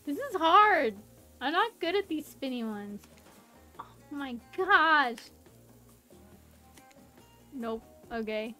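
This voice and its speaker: A woman streamer commentating her own gameplay, excitable and panicky, laughing often. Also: sits high, slow pace, pauses often, soft background music. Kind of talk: live game commentary.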